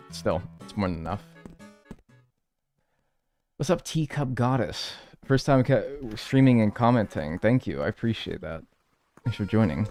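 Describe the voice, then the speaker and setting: A man's voice: on the low side, darkish tone. A man casually chatting with viewers during a live game stream, rambling and wry as he thanks people by name. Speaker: gaming livestreamer. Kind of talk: casual live-stream chat while playing.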